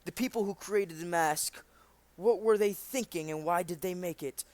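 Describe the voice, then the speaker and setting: An earnest, curious young gentleman, thoughtful and sincere, as a man reading a comic aloud puts him on. His voice sits a little high for a man. He muses steadily over what he has found. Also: normal speed, no echo, natural voice. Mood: wondering.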